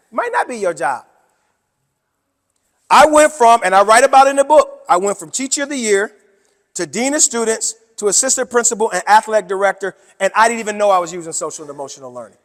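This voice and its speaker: A man presenting a workshop to teachers, with an animated, preacher-like delivery that swings between loud and soft. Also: very high voice. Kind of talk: conference talk to educators. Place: conference room. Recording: hall with long reverb.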